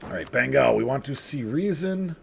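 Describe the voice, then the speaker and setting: A man's voice: mid-range voice, lively intonation, moderate pace, gravelly, a little hiss or hum. A man hosting a strategy game video, casually thinking aloud, chuckling and talking to himself as he plays. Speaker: gaming video host.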